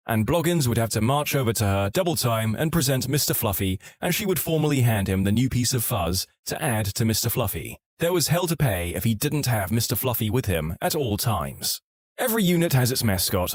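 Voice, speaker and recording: Man reading online stories aloud; wry, lively delivery, mid pitch, dry close sound. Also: no room sound. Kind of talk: scripted narration of online stories.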